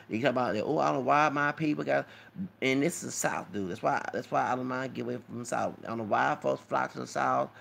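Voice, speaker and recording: A man's voice: mid-range voice, vocal fry, a bit bright, breathy edge. A man talking in a rambling commentary vlog, lecturing and often asking "okay?" and "you know what I'm saying?". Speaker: YouTube commentator.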